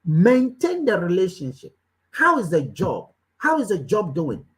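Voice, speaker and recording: A woman's voice: fairly low pitch, big pitch swings, measured pace, low-quality recording. A woman giving a motivational business talk as a coach, hammering home short commands and firing questions straight at her listeners. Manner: emphatic, repeats short commands again and again; preachy, questioning the listeners directly.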